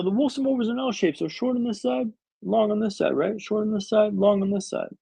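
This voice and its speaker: A man's voice: sits high, vocal fry, a little mellow, husky, dry recording, rough recording. A man in his thirties telling a story as a podcast guest, dramatic and wry with comic timing. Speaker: guest speaker.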